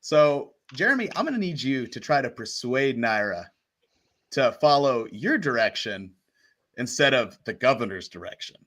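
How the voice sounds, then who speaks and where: A man's voice: mid-range voice, very animated, normal speed, a bit bright. A man narrating as game master of a tabletop game, chatty and laughing often as he talks.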